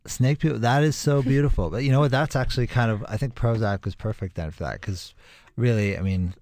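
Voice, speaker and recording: A man talking as a musician guest in a casual interview, animated and quick to laugh, with emphatic exclamations. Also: medium pitch.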